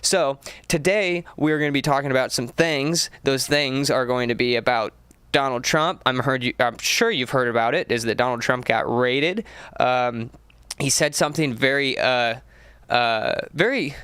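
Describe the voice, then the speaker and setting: A man's voice: medium pitch, normal speed, a bit bright, clean tone, no echo. A man hosting a comedy podcast, rambling and joking about his day in a casual, self-mocking way. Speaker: podcast host. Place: small studio. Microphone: studio mic.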